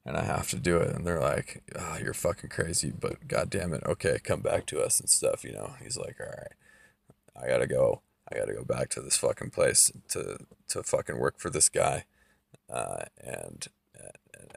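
A man's voice: very deep voice, sing-song, moderate pace, gravelly, a bit bright, husky, no echo. A man casually recapping a story, loose and profane, with lots of fillers.

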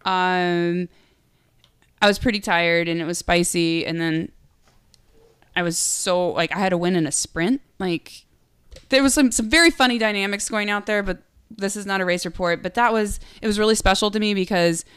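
A woman's voice: medium pitch, moderate pace, fairly bright tone, smooth, no room sound. A woman in her thirties, a guest on a podcast, telling race stories in a bubbly way, laughing often and acting out what people said. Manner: bubbly, laughing, acts out quotes. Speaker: guest, pro gravel cyclist. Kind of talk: casual interview storytelling.

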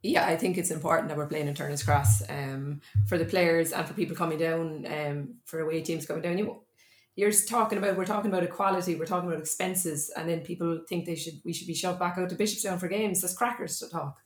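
A woman's voice: low voice, echoey room. A woman, a guest on a casual sports podcast, blunt and emphatic. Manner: blunt, emphatic, quick-fire. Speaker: club insider guest.

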